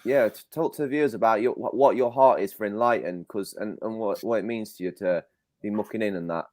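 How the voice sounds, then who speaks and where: A low-voiced man hosts a casual chat over a video call. He halts and restarts and keeps calling his guest brother and mate. His voice sounds dry and close. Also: fairly quick, darkish tone, no room sound. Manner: hesitant, affectionate, full of "brother" and "mate". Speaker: host.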